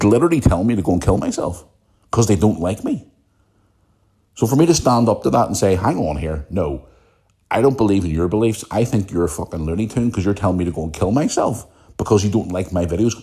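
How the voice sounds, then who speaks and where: A man's voice: lowish voice, dark tone. A British man hosting his own podcast, talking bluntly and emphatically in an opinionated solo rant, repeating his points. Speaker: podcast host.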